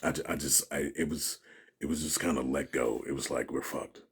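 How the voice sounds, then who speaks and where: Deep raspy guy telling a wild story, acts out the quotes. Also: fairly quick. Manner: animated storyteller, acts out quotes, laughs often. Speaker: interview guest. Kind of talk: casual storytelling.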